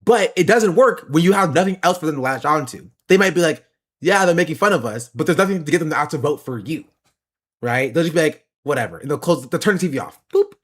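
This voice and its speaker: A man's voice: fairly high pitch, lively intonation, fast. Opinionated man streaming political commentary. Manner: opinionated, explanatory.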